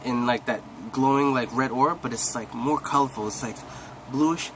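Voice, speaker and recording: A young man excitedly retelling an anime episode in a casual, rambling way full of slang, coughing now and then. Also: medium pitch, normal speed, background noise. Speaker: recap host.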